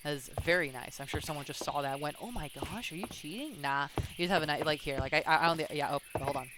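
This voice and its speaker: Rambling, animated streamer over background noise. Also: mid-range voice, fast. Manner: animated, rambling, lots of fillers like "um" and "like". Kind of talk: casual storytelling while playing a game.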